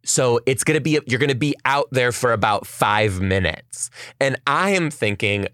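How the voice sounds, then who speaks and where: A woman's voice: extremely low pitch, normal speed, no echo, clean studio sound. A young woman podcast host telling a story in casual chat, acting out what people said and swearing freely. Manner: animated storytelling, acts out quotes, swears.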